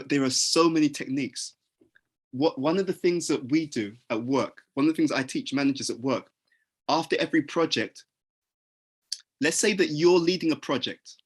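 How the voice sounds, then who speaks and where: A man's voice: a little high, husky. A man giving a conversational talk on leadership, often restarting his sentences and acting out example conversations. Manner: acts out example dialogues, frequent restarts. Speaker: leadership teacher.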